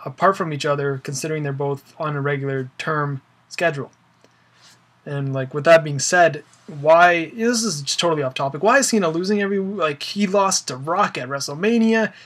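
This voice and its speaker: This young wrestling fan vlogger has a fairly bright, somewhat high voice. He goes on a casual opinion rant about wrestling, rambling with plenty of fillers and sounding exasperated.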